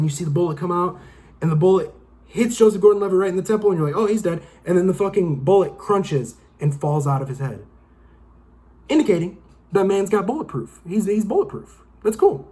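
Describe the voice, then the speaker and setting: A man's voice: sits high, a little mellow. Profane, rambling young male movie reviewer. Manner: profane, rambling, exasperated, acts out movie lines. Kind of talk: casual rant-style review.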